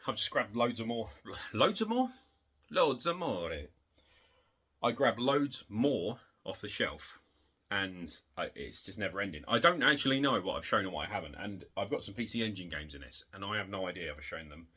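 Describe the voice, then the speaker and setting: A man showing off his retro game collection in a casual, rambling way, excitable and swearing, getting worked up in rants, hot and sweaty. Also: brisk, husky. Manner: excitable, swearing, rants with big pitch jumps. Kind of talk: casual rambling show-and-tell.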